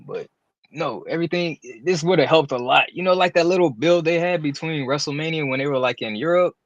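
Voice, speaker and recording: A man's voice: brisk, no echo, dull audio. A man co-hosting a wrestling reaction podcast, talking casually with a playful, teasing manner. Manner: playful, teasing, swings between high and low tones. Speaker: podcast co-host.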